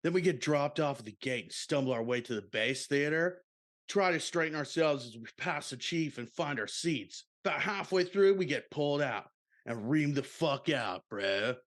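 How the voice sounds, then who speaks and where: A man's voice: a little high, expressive, moderate pace, fairly bright tone, voice pushed up. A man doing a laid-back surfer-dude voice as he reads out a listener's story, drawling and calling everyone dude and bro. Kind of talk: comic reading of a listener submission.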